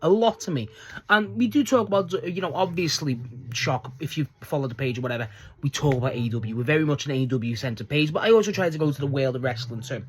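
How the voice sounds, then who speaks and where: The host of a wrestling fan page, rambling casually and excitably, swearing freely and often restarting sentences. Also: mid-range voice, quick pace, slightly rough.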